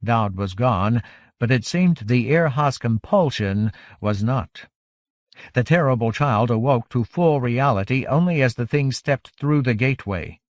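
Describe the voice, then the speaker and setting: A man narrating a fantasy audiobook in a measured, even reading on a close studio mic. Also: medium pitch, no room sound.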